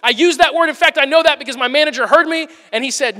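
A man in his thirties preaching a sermon, telling personal stories and acting out the dialogue in them with lively voices. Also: very high voice, quick pace, hardly any pauses. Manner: animated storyteller acting out dialogue. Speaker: pastor. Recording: long reverb of a large hall.

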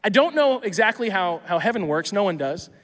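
High-voiced tired pastor in an echoing hall. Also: male voice, big pitch swings, fairly quick, a bit bright. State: tired from little sleep. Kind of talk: sermon.

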